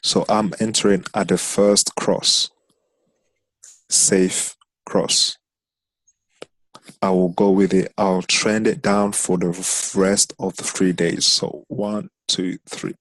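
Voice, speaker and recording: A man's voice: low voice, level tone, takes it slowly, no room sound. A man teaching a trading strategy over a screen share, explaining step by step and counting chart candles aloud. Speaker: trading instructor.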